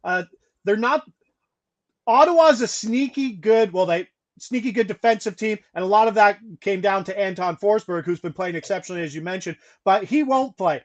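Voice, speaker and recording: Higher-pitched male host, quick stat-reader, casual betting talk. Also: lo-fi sound. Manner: brisk, rattles off stats and odds, laughs mid-sentence. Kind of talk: casual sports betting chat.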